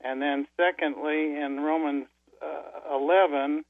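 A man's voice: a little high, fairly even intonation, a little slow, no echo. A man calling in to a radio show, talking hesitantly with many fillers. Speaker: caller. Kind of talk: phone-in call. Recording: tinny phone line.

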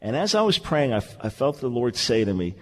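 A man hosting a radio talk show, speaking in an earnest, animated, conversational way. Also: medium pitch, brisk, in a large hall.

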